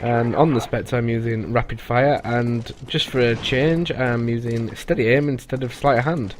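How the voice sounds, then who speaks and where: A man talks loosely over his gameplay footage, trailing off and restarting as he goes. His voice sits at an ordinary middle pitch. Loud game gunfire and explosions run under the commentary the whole time. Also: steady tone, slight background noise. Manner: rambling, halting, with frequent "uh" and restarts.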